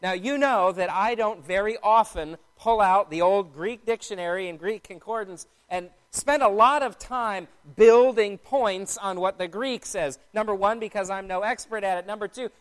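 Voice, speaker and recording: A man preaching a sermon in a measured, explanatory teaching tone. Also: high voice, a bit bright, smooth.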